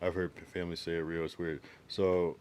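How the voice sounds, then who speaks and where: A man's voice: sits low, level tone, fairly quick, darkish tone, a little hiss or hum. A man livestreaming, chatting loosely with slang and swearing while reading viewers' messages aloud. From United States. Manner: loose, slangy and profane, reacts to chat messages.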